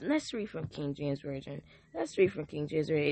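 A woman's voice: sits low, very animated, moderate pace, dry recording. A woman hosting a devotional podcast, preaching fervently and reading scripture aloud as her voice starts to go. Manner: fervent, builds to loud exclamations, reads scripture aloud. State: losing her voice. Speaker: podcast host giving a devotional. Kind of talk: informal preaching.

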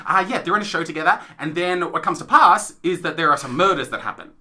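A man's voice: fairly high pitch, animated, fast, bright, forceful tone, slight background noise. A young man co-hosting a podcast, rambling through a story in casual chat and laughing often. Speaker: podcast co-host.

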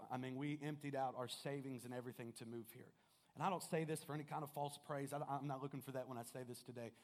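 A man preaching a sermon as pastor, telling a personal story in an earnest manner, swinging between loud and hushed. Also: mid-range voice. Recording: music playing behind the voice.

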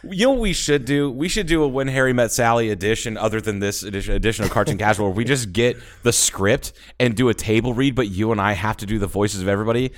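Male podcast co-host, low voice, loose profane storytelling. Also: quick pace, few pauses. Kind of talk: casual chat.

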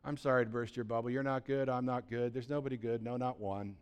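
A man's voice: mid-range voice, steady tone, quick pace, clear, resonant tone. A man preaching a sermon as pastor, blunt and urgent, asking the listeners rhetorical questions.

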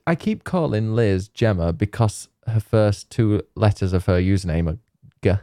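Low, mellow-voiced man rambling casually. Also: lively intonation, moderate pace, dry recording, studio quality. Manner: rambling, laughs often, many fillers. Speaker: podcast co-host. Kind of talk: casual chat.

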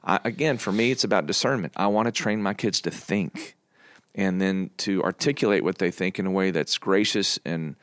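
A man's voice: sits low, normal speed, dry recording. A middle-aged man in casual podcast conversation, talking in an earnest, coaching way with a few jokes. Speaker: church pastor, podcast guest.

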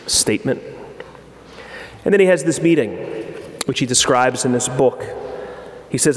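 A man's voice: mid-range voice, brisk. A man giving an earnest sermon, often restarting his phrases and reading passages aloud. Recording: echoey hall with long reverb.

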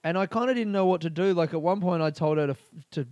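A man's voice: sits high, quick pace, darkish tone, no room sound. A young man, a comedian, talking through a candid, rambling personal monologue full of fillers and swearing. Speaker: comedian podcast host.

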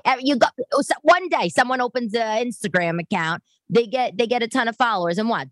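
A woman in her forties hosting a podcast from her living room, talking in a casual monologue that turns animated and emphatic, ranting with many restarts. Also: on the high side, a little fast, few pauses, no echo. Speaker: podcast host.

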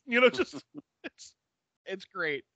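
A man co-hosting a podcast, recapping a film in casual chat, animated and laughing often as he tells the story. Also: very high voice, takes it slowly, dry recording, lo-fi sound. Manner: animated storytelling, doing silly voices for characters, laughing often.

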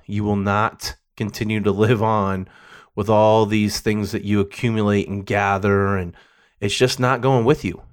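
Low-voiced man, raw and profane. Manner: emotional and profane, rambling with restarts. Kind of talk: candid personal monologue.

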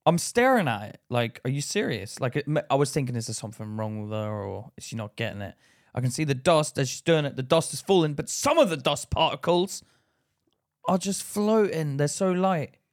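A man's voice: a little high, lively intonation, fairly quick. A man co-hosting a podcast in casual chat, swearing freely and acting out his own thoughts as he tells stories. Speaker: podcast co-host.

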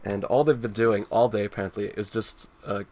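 A man co-hosting a podcast, casually recapping a comic with halting fillers and dry humor. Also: on the low side, fairly even intonation, darkish tone. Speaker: podcast co-host.

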